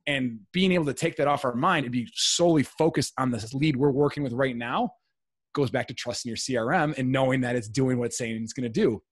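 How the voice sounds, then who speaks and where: A man's voice: medium pitch, brisk, husky, dry recording. Man explaining business plainly, dry sound. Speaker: podcast guest, real estate investor; salesperson. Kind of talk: casual interview talk.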